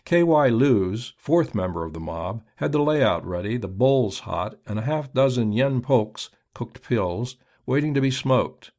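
A man narrates an audiobook in a steady, measured way. His voice sits at a middle pitch and holds an even pace through the reading.

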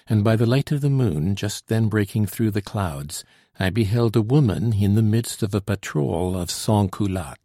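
A man reading a classic historical novel aloud as narrator, in a measured, old-fashioned storytelling manner. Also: fairly low pitch, dark tone, no echo, studio quality.

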